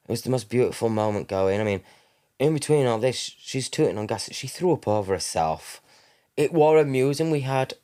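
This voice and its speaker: A man's voice: mid-range voice, a little mellow. A man, telling a personal story in a rambling way, correcting himself and acting out what people said. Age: 30s. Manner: rambling, self-correcting, acts out quoted dialogue. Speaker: guest.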